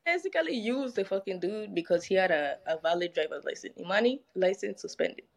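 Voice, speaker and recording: A woman tells a story as a guest on a casual chat show. Her pitch sits in the middle, and her speech is animated and profane. She acts out the dialogue of everyone in the story. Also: brisk, gravelly.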